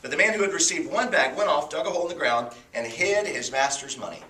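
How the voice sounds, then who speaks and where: A man preaches a sermon in an animated storytelling style, his slightly raised voice swinging up and down for effect. He sits well off the mic, and the hall's echo surrounds every word. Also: on the high side, fast, slight background noise. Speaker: pastor. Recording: echoey hall from far off.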